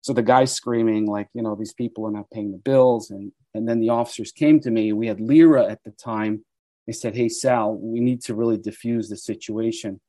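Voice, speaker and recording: Man in his sixties, interview guest, animated anecdotes, warm low voice, dry sound. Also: moderate pace, dry recording. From United States. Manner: animated storyteller who acts out quoted voices. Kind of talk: storytelling interview.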